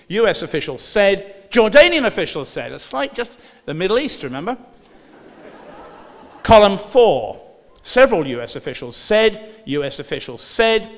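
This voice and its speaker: A man's voice: sits high, very animated, normal speed. Sardonic male lecturer in a hall. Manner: dry, sarcastic asides between quoted passages. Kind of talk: sardonic lecture reading from newspapers.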